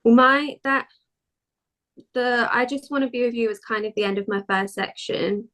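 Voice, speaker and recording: A British woman chatting on a fan podcast, relaxed as she explains her ideas at length. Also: on the high side, normal speed. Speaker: podcast guest. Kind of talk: casual chat.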